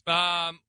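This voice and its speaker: A man's voice: bright, forceful tone, no echo. A man in his forties, a radio talk show host, telling a comic story in a sarcastic, rambling way from a studio mic. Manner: sarcastic and rambling, with many restarts. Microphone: close studio mic.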